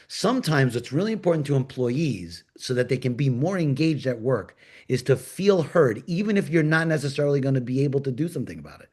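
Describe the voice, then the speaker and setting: A man from New York, talking in a panel discussion and telling workplace stories with lively, acted-out dialogue. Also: medium pitch, a little fast. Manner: animated storyteller, acts out quoted dialogue. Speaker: agile coach and panel host. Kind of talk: conversational panel talk.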